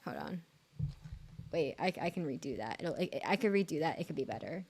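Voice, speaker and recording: A young woman streamer chats loosely with her viewers, and her pitch swoops up and down. She rambles and restarts her sentences, fills them with little words, and giggles at herself. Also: expressive, a little fast, gravelly, a little mellow, husky. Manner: rambling, filler-heavy, giggly, self-deprecating. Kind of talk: casual live-stream chat.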